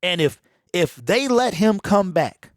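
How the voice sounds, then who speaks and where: Animated fired-up sports commentator man. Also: sits high, takes it slowly, no echo, clean studio sound. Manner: animated, preachy, talks straight to viewers with slang. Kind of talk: opinionated solo sports commentary. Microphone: home desk mic that pops.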